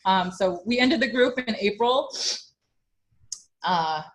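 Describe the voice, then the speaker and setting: A woman's voice: mid-range voice, expressive, slow. A young woman who coaches fitness, telling her story in a chatty interview with lots of fillers and growing emotion. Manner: chatty, many fillers, grows emotional and tearful.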